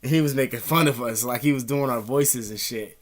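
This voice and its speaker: A man's voice: medium pitch, brisk. Guy ranting on his vlog, cussing nonstop, laughing, acting out what people said. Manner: profane, laughs often, imitates others mid-story. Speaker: vlogger. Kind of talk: rambling casual monologue.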